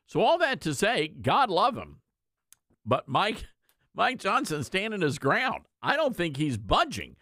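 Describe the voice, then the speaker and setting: A man's voice: on the high side, wildly swooping pitch, a little slow, fairly bright tone, no room sound, clean studio sound. A man hosting a political talk radio show, commenting in a folksy, sarcastic, conversational way.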